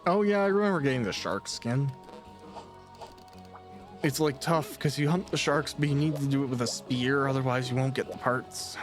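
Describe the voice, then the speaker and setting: A man's voice: mid-range voice, normal speed, soft background music. A man hosting a let's play, making wry casual asides between reading game dialogue aloud. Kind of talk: casual gameplay commentary.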